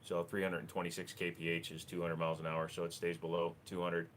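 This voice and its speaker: A man's voice: deep voice, completely flat delivery, quick pace, fairly bright tone. A man hosting a live stream, answering viewer questions with dry jokes. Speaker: livestream host. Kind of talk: casual live Q&A chat.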